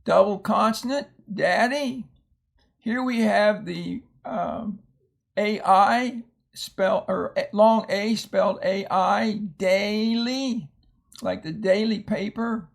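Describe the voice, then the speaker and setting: A man's voice: high-pitched, slow, creaky. A man teaching a phonics lesson, reading out a word list and explaining each word in a patient way with homely asides.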